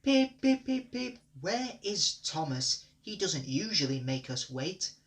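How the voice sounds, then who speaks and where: A man voicing a kindly but fussing blue engine with a high, fretful voice. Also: animated, takes it slowly, exaggerated voice. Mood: fussy. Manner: fussy, high-pitched.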